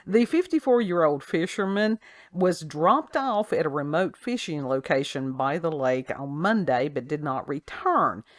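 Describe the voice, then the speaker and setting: A woman's voice: deep voice, expressive, measured pace, dry recording, clean studio sound. A woman hosting a casual talk show, reading a news story aloud with sarcastic asides and frequent laughs. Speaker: podcast host. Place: at home with her child nearby.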